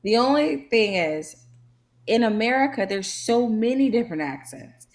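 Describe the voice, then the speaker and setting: A woman's voice: on the high side, big pitch swings, normal speed. A woman co-hosting a podcast, chatting emphatically in casual conversation. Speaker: podcast co-host. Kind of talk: casual chat.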